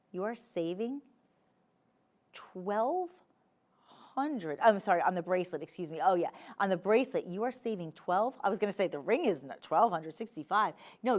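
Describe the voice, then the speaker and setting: A woman with a New Jersey accent pitches jewelry on live shopping television. She talks in a chatty, enthusiastic way, full of playful asides, at an everyday middle pitch. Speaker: shopping channel host.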